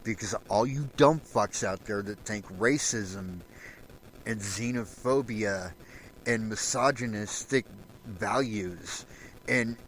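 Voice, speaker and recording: A man hosting a solo show, delivering an angry, profane rant and raising his voice to a shout at times. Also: on the low side, slow pace, slight background noise, poor audio. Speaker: podcast host.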